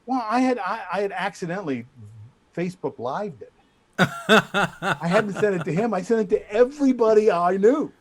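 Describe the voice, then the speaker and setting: A middle-aged man telling a story as a guest in a casual chat, animated and full of restarts. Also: sits high, normal speed. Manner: animated, trash-talking storyteller with many restarts. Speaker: guest speaker.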